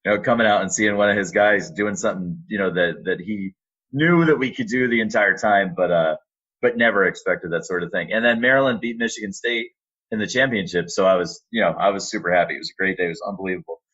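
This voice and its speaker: A man in his thirties, a sports announcer and voice actor, telling animated stories in a casual podcast interview. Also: on the low side, fast, muffled recording. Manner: animated storyteller, acts out quotes.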